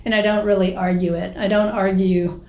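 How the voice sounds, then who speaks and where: A woman's voice: mid-range voice, flat delivery, moderate pace. A woman who is a mayor, talking candidly in an interview, telling stories with lots of fillers and restarts, with an American accent. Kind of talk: casual interview talk. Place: city hall office. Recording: roomy, slightly dull recording.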